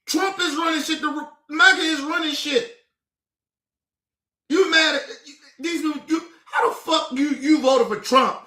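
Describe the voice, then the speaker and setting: High-pitched ranting man, echoey room. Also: a little slow. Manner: profane, exasperated ranting, rising to shouts. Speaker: political commentary streamer. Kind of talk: casual heated commentary.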